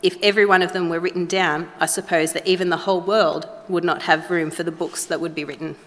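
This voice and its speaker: Woman, scripture reading, lowish bright voice, deliberate, long hall reverb. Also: steady tone. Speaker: scripture reader.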